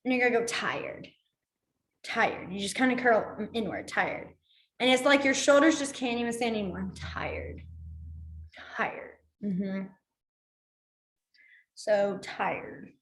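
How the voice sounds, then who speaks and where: A woman's voice: fairly high pitch, expressive, normal speed, fairly bright tone. A woman teaching a beginner sign language class, playful and acting out each emotion with her voice as she explains. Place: library meeting room. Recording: echoey room.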